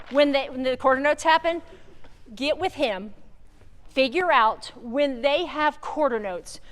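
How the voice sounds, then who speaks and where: Energetic woman coaching a band. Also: sits high. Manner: energetic and directive, counts off and sings syllables. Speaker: band clinician. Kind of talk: rehearsal coaching. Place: large theater stage. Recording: theater reverb with faint noise.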